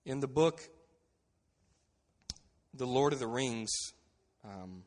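A man preaching a sermon as a pastor, earnest and steady, dropping to a quiet voice to stress key phrases. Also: medium pitch, takes it slowly, long reverb tail.

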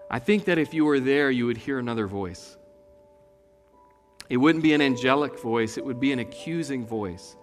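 Earnest pastor preaching in an echoey hall. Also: male voice, mid-range voice, moderate pace, faint music behind. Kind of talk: sermon. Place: church sanctuary.

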